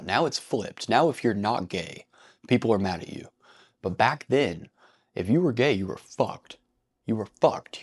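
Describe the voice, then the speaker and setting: A man's voice: fairly low pitch, breathy edge. A man hosting a casual vlog commentary, talking bluntly with frequent swearing and breaking into laughter. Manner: blunt and profane, laughs easily. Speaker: commentary channel host.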